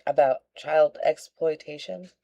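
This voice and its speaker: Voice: medium pitch, fairly even intonation, unhurried, creaky, mellow, lo-fi sound. A commentator reacting frankly and bluntly to a stream clip, with some swearing.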